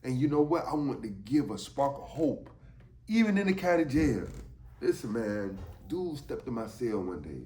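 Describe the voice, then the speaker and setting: A man telling a story from his time in jail, animated and emphatic, often asking "you know what I'm saying". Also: medium pitch, normal speed, echoey room. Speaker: storyteller, former inmate. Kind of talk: casual spoken storytelling.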